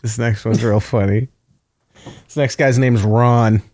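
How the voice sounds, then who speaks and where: A man's voice: medium pitch, steady tone, takes it slowly, a little mellow, no echo, clean studio sound. A man telling comic stories in casual chat, reading out dating-app messages and laughing often. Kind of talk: casual comedic storytelling.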